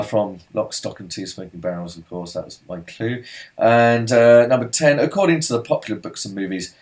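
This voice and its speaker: Bloke running a quiz, lowish voice, chatty, goes off on tangents, lots of ums. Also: male voice, darkish tone. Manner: chatty, rambling asides and filler-heavy. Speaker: pub quiz host. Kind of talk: casual online quiz reading answers.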